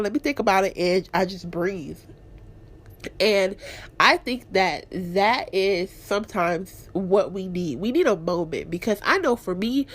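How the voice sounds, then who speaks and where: A woman hosting her own podcast, talking candidly and expressively about her week and her faith, clearing her throat now and then. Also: medium pitch. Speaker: podcast host. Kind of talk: casual personal talk.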